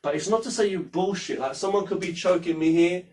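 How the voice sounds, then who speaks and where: Rambling martial arts teacher, slightly high. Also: male voice, a little fast, a little mellow. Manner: rambling, demonstrative, swears casually. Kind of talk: casual spoken lesson. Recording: voice from a distance from the mic.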